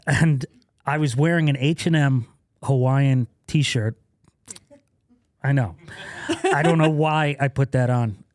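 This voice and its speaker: Man, comedian guest, casual storytelling, laughs a lot, acts out quotes, mid-pitched, dry close sound. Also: slow pace, pauses often, darkish tone, no room sound. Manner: laughs often while telling stories, acts out quoted lines.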